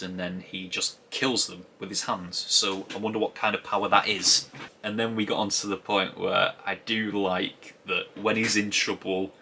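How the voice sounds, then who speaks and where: Low, bright-voiced man musing aloud. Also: a little hiss or hum. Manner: musing aloud, rambling with frequent restarts. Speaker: TV episode reviewer. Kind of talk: casual spoken episode review.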